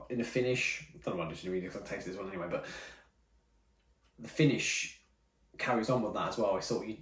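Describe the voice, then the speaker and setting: A man chatting casually through tasting notes as a whisky reviewer, rambling and correcting himself as he goes. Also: lowish voice. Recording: roomy, mic at some distance.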